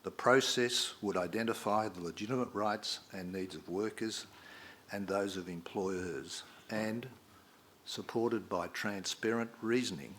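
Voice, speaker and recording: Deep-voiced man giving a formal speech. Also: a bit bright, slight background noise. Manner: measured, reads quotations aloud with emphasis. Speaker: debate speaker.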